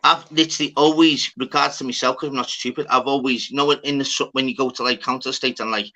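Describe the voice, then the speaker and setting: A man's voice: mid-range voice, fairly even intonation, fast, pushed and bright, poor audio. A man telling a rambling, sweary story in casual chat. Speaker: podcast talker.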